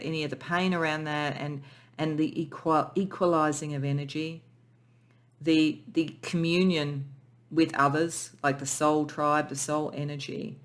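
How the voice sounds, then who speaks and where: A tarot reader speaks gently and spiritually through a pick-a-pile reading, and is moved close to tears. Sentences often restart as the reader searches for words, with the voice sitting at a middle pitch. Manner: emotional, soft and spiritual, with many restarts. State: tearful.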